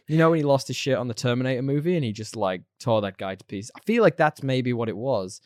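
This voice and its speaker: A man co-hosting a podcast in casual chat, animated and laughing often. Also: mid-range voice, fast talker, few pauses, no room sound, studio quality. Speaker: podcast co-host.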